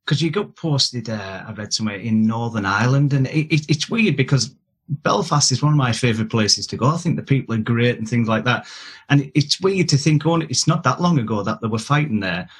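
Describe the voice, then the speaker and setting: Husky male interviewer asking questions. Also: medium pitch, animated, fairly quick. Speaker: interview host.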